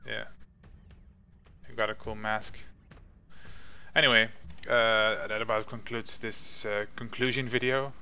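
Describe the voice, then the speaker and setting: A man's voice: lowish voice, flat delivery, unhurried, long pauses, bright, forceful tone, clean tone, poor audio. A young man co-hosting a casual chat about a video game, musing and offhand, often trailing off mid-thought. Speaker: co-host.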